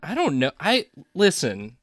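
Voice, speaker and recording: A man's voice: a little high, huge pitch swings, unhurried, fairly bright tone, no room sound, studio quality. A man chatting casually while he draws, rambling and trailing off mid-sentence. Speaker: show host and artist. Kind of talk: casual chat while drawing.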